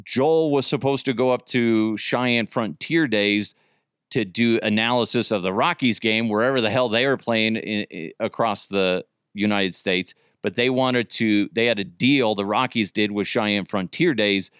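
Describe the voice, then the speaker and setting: A man in his thirties hosting a podcast, telling old radio stories in a rambling, profane, animated way with frequent restarts. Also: on the low side, a little slow, smooth, no echo, clean studio sound. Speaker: podcast host, former radio producer. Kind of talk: casual storytelling.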